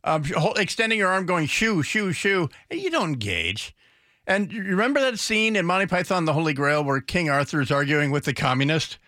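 A man's voice: on the high side, sing-song, fairly quick, bright, forceful tone, no echo. A man hosting a talk radio show, rambling commentary with sarcastic, mocking asides into a studio microphone.

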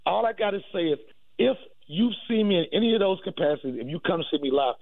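A man, a comedian guest, jokes and brags in a playful comic riff during a radio interview. His voice sits a bit high and comes through dry and tinny, like a phone line. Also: animated, fast, vocal fry, no echo. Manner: boastful, playful comic riffing.

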